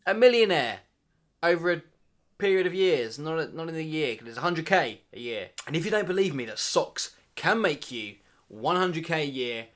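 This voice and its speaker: A man in his twenties talks straight to camera in a comedic vlog. He plays it mock-dramatic, with loud bursts of hype and low, muttered asides. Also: expressive, moderate pace. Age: 20s. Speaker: vlogger.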